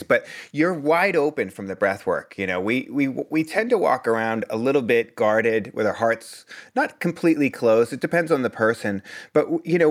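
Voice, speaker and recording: A man from Boston, a breathwork instructor, talking bluntly and earnestly in a conversational interview. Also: medium pitch. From Boston, US East Coast.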